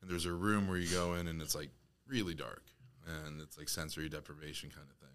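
A man's voice: rumbling low, steady tone, fast talker, fairly bright tone. A man guesting on a podcast, telling stories in a wry, self-mocking way. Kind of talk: casual storytelling.

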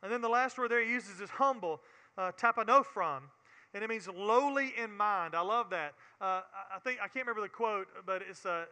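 A man's voice: high voice, brisk, pushed and bright, clear, resonant tone, long reverb tail. A man with a Southern US accent teaching a Bible sermon in an earnest way, often repeating words and building to emphatic preaching.

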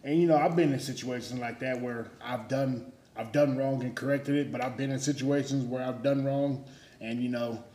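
A man in casual faith talk, telling stories about himself in an animated, self-mocking way. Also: medium pitch, moderate pace, reverberant.

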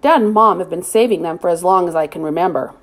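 A woman's voice: on the low side, fast talker, close to an everyday voice. A woman voicing a wry teenage kid with a dry, sardonic manner.

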